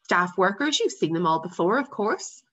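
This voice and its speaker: A woman's voice: mid-range voice, very animated. A woman reading as a cold, stern commandant father. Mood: dismissive. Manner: cold, measured, quietly commanding. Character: stern quiet German commandant father, middle-aged. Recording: dull lo-fi sound.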